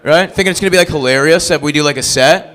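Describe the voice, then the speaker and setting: A man's voice: a little high, very fast, a bit bright. A man hosting an open mic comedy night, working the crowd with crude, profane banter on a club stage.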